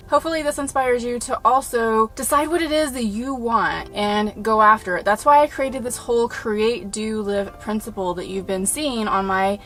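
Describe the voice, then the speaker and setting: A woman with a light Texas Southern lilt chats upbeat straight to her viewers, her voice sitting a little higher than most. She talks in a casual vlog style, friendly and direct. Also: a bit bright. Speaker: travel vlogger. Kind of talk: casual vlog talk to camera.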